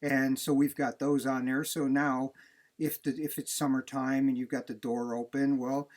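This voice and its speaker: A man's voice: mid-range voice, flat delivery, normal speed, a little mellow. A man, a dog breeder, giving plain-spoken, conversational advice in a casual talk.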